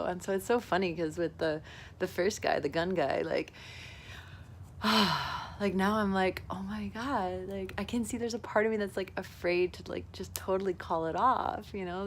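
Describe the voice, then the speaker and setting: With a little hiss or hum in the recording, a woman in a mid-range voice vlogs in a rambling, effusive, confessional monologue. She says "like" a lot and laughs frequently while talking.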